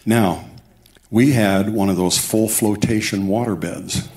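Low-voiced man preaching in an echoey hall. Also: fairly even intonation, unhurried, a little mellow. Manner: storytelling with asides and quoted dialogue. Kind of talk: sermon testimony. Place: church sanctuary.

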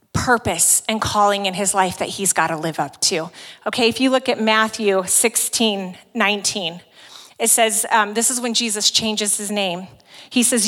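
A woman's voice: mid-range voice, a bit bright. A woman giving a sermon to a women's gathering, conversational and emphatic as she retells scripture. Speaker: women's ministry speaker. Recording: long reverb in a large hall.

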